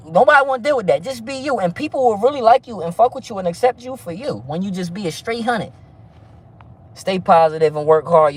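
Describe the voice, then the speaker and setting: A man with a slightly higher-than-average voice talks loosely to his livestream viewers. He preaches about faith one moment and curses out the chat the next. He is heavy on street slang and keeps circling back with "you feel me". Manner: stumbling restarts, frequent "you feel me". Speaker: livestream host.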